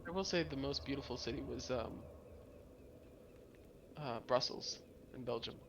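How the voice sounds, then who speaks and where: On a gaming stream, an American man from the United States chats casually, telling loose, rambling stories full of profanity. His voice is medium-pitched and a little slow, with some background noise.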